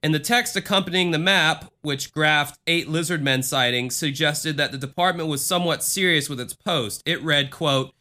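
A man's voice: fairly high pitch, normal speed, hardly any pauses, pushed and bright. A man co-hosting a casual podcast chat, reading a news article aloud with dry, sarcastic asides. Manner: sarcastic, mock-offended joking, swears. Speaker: podcast co-host.

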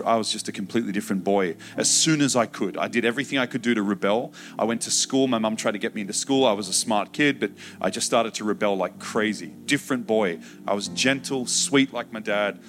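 Preacher, male, low voice, emotional testimony storytelling, soft music under it. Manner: emotional storytelling, acts out shouted childhood quotes. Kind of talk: personal testimony sermon.

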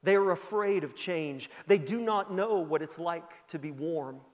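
A patient, kindly stranger speaks gently in a sermon story, a man giving him voice. The voice is high and unhurried. It echoes through a church hall. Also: lightly acted. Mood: reassuring. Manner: calm, reassuring. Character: kind, patient male stranger who makes fire. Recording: long church-hall reverb.

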